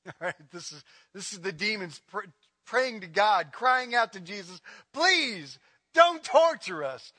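Male pastor, sermon delivery, bright and forceful, big hall reverb, swings loud to hushed. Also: lively intonation, unhurried. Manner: impassioned, swings from loud to low.

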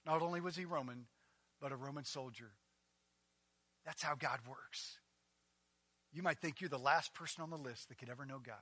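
High-voiced, bright, impassioned male preacher. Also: moderate pace, long pauses, no room sound. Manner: impassioned, rises to near-shouting on emphatic passages. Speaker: pastor. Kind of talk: sermon.

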